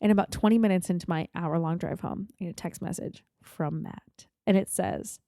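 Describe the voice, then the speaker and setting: Animated woman telling a wild story. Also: lowish voice, fairly quick, vocal fry, few pauses, no echo, studio quality. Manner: animated, swearing, acts out quotes. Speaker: guest. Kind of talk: casual storytelling.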